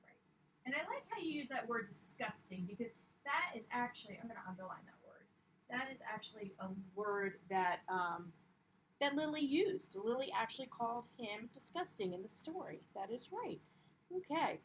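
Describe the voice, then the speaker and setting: A woman's voice: a little high, very animated, normal speed, slight background noise, poor audio. Upbeat woman teacher addressing young students. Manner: upbeat, encouraging, frequent ums. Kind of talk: classroom read-aloud lesson.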